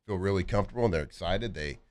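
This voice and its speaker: A man's voice: deep voice, very fast. Laid-back man co-hosting sports radio. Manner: relaxed, rambling, joking. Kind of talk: casual sports talk.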